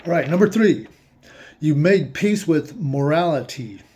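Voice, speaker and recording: A man's voice: a little high, lively intonation, a little slow, darkish tone. A man musing aloud in a casual monologue, reading passages aloud and commenting on them in a rambling way. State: emotional, eyes watering. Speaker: host reading aloud and reacting.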